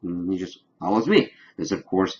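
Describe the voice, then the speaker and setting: A man's voice: low voice, expressive, moderate pace, lo-fi sound. A man casually recapping a TV episode as a reviewer, rambling along with lots of "of course" and "kind of".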